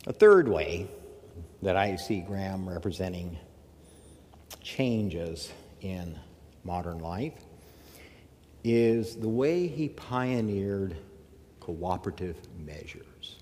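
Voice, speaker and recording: A man from the American South giving a measured academic lecture, with emphatic phrasing and pauses. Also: low voice, expressive, a little mellow, big-room sound, a little hiss or hum. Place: lecture hall.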